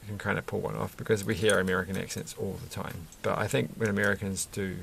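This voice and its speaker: A man talks in a loose, rambling way, chuckling and correcting himself as he goes. His voice sits low with a gravelly fry to it. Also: flat delivery, fast talker, a bit bright, slight background noise. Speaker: Lego build vlogger. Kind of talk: casual chat while building.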